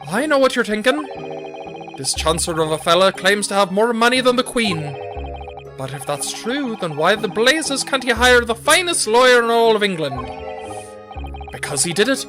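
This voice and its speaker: A streamer reading game dialogue aloud, voicing a flamboyant, boastful rich gentleman in a put-on Irish accent. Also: mid-range voice, big pitch swings, moderate pace, over music, voice pushed up, lightly acted. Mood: theatrical. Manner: grandiose, indignant, theatrical.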